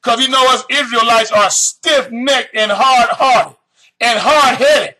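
High, bright-voiced fiery male preacher. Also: rough recording. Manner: fiery, reads scripture slowly then bursts into shouted emphasis; addresses the audience directly with questions. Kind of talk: sermon.

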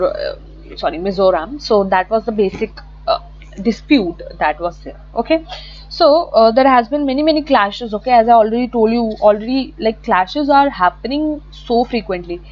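A woman gives an online exam-prep lesson in a loose, chatty way, repeating words and correcting herself as she goes. Her voice sits at a middle pitch. The recording is a little dull, with a faint hum underneath. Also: normal speed. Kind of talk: online lecture with slides.

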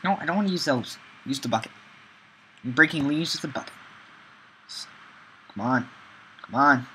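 A man's voice: medium pitch, moderate pace, long pauses, bright, forceful tone, slight background noise, rough recording. A man giving rambling gameplay commentary, talking to himself with many ums and chanting single words over and over. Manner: talks to himself, frequent ums. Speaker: gameplay video maker.

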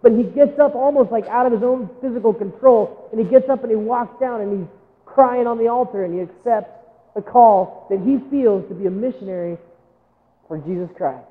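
A male pastor delivers a sermon in a church. He tells a story, acts out the quotes and turns to address the congregation. His high voice echoes through the sanctuary and sounds thin and phone-like. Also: moderate pace. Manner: storytelling, acting out quotes, direct appeals to the congregation.

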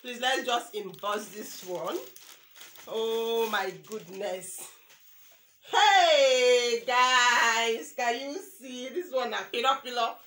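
A woman's voice: fairly high pitch, slow, a bit bright, echoey room, slight background noise. A woman in her thirties with a Nigerian accent, chatting emotionally through an unboxing vlog, exclaiming, repeating herself and praying aloud. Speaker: vlogger. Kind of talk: excited unboxing chat with prayers.

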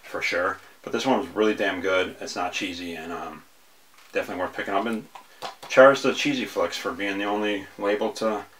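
A man with a very low voice talks through his film picks in a loose, casual way. He rambles, restarts sentences and fills pauses with ums as he goes. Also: fairly bright tone, slight background noise. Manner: rambling, hesitant, many fillers and restarts. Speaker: horror film reviewer. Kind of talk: casual video review.

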